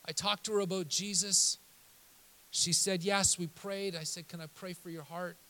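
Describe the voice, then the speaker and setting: A man preaching, telling a story in an animated way that swings from loud emphasis to hushed, low passages. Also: moderate pace, rough recording. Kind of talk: sermon storytelling.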